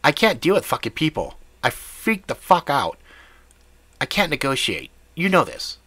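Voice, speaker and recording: A man voicing a foul-mouthed, excitable male sidekick who swears and panics easily. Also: medium pitch, normal speed, slightly rough, dry recording, voice pushed up, exaggerated voice. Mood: defensive. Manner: excitable, swearing, talks over the speaker.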